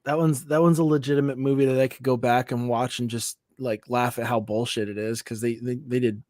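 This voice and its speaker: A man's voice: mid-range voice, fairly even intonation, a little fast, a little mellow, no room sound, clean studio sound. A man co-hosting a casual podcast chat, speaking loosely and repeating words as he goes. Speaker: podcast co-host.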